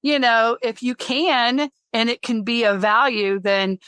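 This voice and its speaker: A woman's voice: fairly high pitch, a little slow, a bit bright, clear, resonant tone, dry recording, clean studio sound. A middle-aged woman hosting a podcast interview, telling stories in a rambling, chatty way and laughing as she talks. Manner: chatty, rambling storyteller who laughs mid-sentence. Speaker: podcast host. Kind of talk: casual interview chat.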